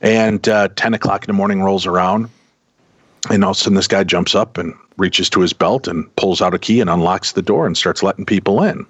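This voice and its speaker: A middle-aged man casually telling a long personal story, animated and acting out the people in it. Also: deep voice, fairly quick, husky, dry recording. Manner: animated anecdotal, voices quoted people. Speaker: podcast guest telling a story. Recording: dull, dry close sound.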